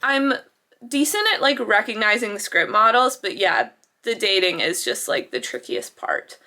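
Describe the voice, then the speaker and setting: A woman's voice: mid-range voice, lively intonation, moderate pace, bright, forceful tone. A young woman student chatting casually to camera in a vlog, rambling with lots of fillers. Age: young adult. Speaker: student vlogger.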